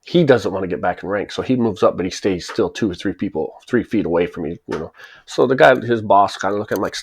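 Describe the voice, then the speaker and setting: Forties man, lower voice, spins a laid-back true story with chuckles and quick impressions. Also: slightly rough. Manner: chuckles as he tells it and acts out the people in the story. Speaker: channel host telling a personal story. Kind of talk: casual spoken anecdote.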